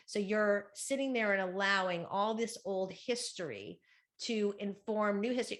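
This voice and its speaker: A middle-aged woman with a loud, projecting voice, giving a chatty motivational talk at a women's conference. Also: medium pitch. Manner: chatty, with fillers and quick asides. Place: conference room, live talk.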